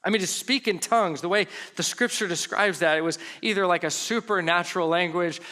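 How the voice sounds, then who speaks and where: A man's voice: sits high, fairly quick, sharp tone, big-room sound. A man giving a sermon as pastor, preaching earnestly with rhetorical questions and scripture readings.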